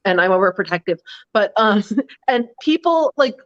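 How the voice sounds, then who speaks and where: A woman's voice: medium pitch, animated, fairly bright tone. Chatty woman, slightly muffled audio. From Massachusetts. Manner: chatty, quick affirming interjections. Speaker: live chat panelist. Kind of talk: casual chat.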